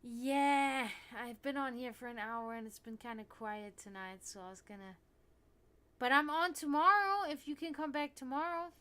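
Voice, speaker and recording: Chatty bright-voiced woman streamer. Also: lively intonation, moderate pace, clear, resonant tone. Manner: rambling, many restarts and fillers; high baby talk to her cats. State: tired. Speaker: livestream host. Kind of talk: casual livestream chat.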